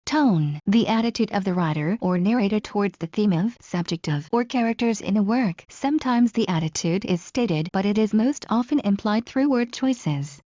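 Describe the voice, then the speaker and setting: Woman reading flashcard definitions, mellow tone. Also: mid-range voice, no echo, muffled recording. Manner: measured, even reading of term then definition. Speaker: study guide narrator.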